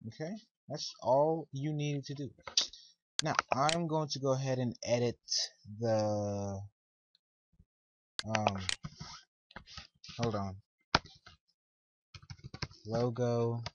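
A man's voice: medium pitch, flat delivery, extremely slow, long pauses. A teenage boy recording a casual coding tutorial, rambling and talking to himself, easily frustrated. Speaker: tutorial maker. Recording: dull lo-fi mic with loud hiss. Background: keyboard and mouse clicks.

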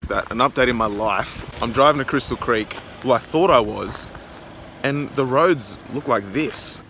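A young man talking straight to a handheld camera, chatty and rambling, his voice jumping up when he gets excited. There is a faint hiss of noise behind him, from a car or the open air. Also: mid-range voice, a little slow. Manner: rambling, excitable, filler-heavy. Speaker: vlogger. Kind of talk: casual vlog narration. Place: in a car and outdoors.

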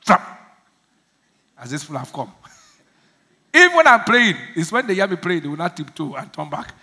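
Bright-voiced man preaching. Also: sits high, sing-song, normal speed. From Nigeria. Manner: laughing, call-and-response preaching; acts out prayers in small voices. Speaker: pastor. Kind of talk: sermon.

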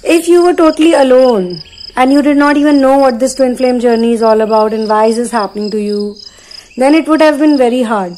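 A woman's voice: high-pitched, dark tone, slight background noise, low-quality recording. Earnest woman giving channeled spiritual guidance. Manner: earnest, repetitive, pauses to channel. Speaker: spiritual reader.

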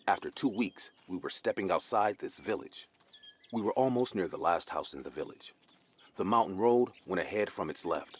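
A man reading a scripted horror story in the first person, in an even storytelling delivery. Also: low voice, husky. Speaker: narrator.

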